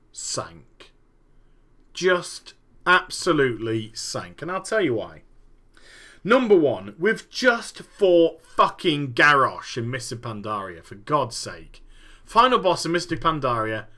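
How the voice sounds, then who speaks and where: Animated, bright-voiced man ranting. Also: mid-range voice, slow pace. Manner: animated, swearing, vivid storytelling. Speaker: gaming podcast host. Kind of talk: animated solo commentary.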